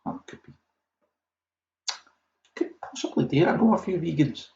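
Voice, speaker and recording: A man's voice: fairly high pitch, very animated, moderate pace, creaky, darkish tone. A Scottish man hosting a quiz, chatting casually and wandering off on self-mocking tangents. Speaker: quiz host. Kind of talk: casual rambling livestream chat. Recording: echoey, dull lo-fi audio with faint noise.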